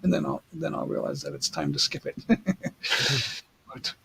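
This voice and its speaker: A man's voice: fairly high pitch, measured pace, gravelly, sharp tone, slightly rough. A man hosting a livestream, chatting casually and rambling as he reads the chat aloud. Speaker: livestream host.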